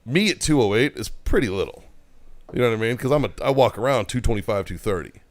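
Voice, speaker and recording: A man's voice: mid-range voice, animated, quick pace. A man co-hosting a podcast, chatting in a laid-back way and swearing a lot. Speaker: podcast co-host. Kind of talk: casual chat.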